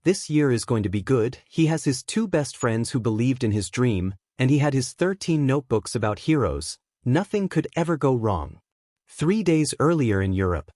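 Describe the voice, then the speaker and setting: A man narrating a fan fiction story in a brisk, even reading. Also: mid-range voice, no echo, studio quality.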